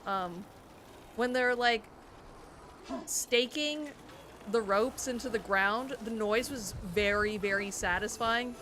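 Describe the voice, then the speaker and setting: A woman's voice: on the high side, slow pace, long pauses, fairly bright tone. A woman in her twenties streaming a game, chatting in a rambling, nostalgic way. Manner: rambling and nostalgic, trails off into musing. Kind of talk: casual chat while gaming. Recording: noisy game audio behind.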